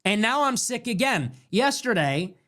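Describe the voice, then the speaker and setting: A man hosting a ranting political talk show. He talks in an animated way and swings between loud bursts and muttered asides. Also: very high-pitched, unhurried. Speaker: show host.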